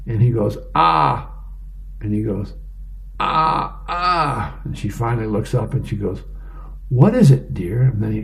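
A man, reading the newspaper and comics aloud as a volunteer on a radio reading service, plain and unhurried with small asides. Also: on the low side, creaky, warm tone.

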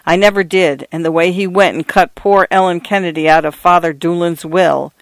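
A man voicing an older, sharp-tongued female housekeeper who complains bluntly, in a read-aloud story. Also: high-pitched, fairly even intonation, moderate pace, creaky, no room sound. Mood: grumbling. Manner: grumbling, blunt.

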